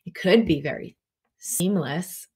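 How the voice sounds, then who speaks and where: A woman with a fairly low speaking voice gives casual spiritual coaching and answers viewer questions. She keeps slipping into quoted inner voices, jumping sharply higher for them, and alternates quick bursts with slow, stressed words. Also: gravelly, darkish tone. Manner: voices inner thoughts in quoted asides, often rising sharply in pitch. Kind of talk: casual teaching talk.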